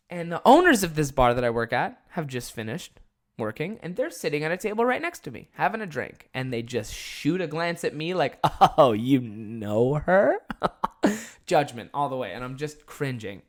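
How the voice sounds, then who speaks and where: A man's voice: high voice, fairly bright tone. A young man hosting a podcast, telling a rambling, profane story in a casual way. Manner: profane, rambling, lots of filler words. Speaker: podcast host.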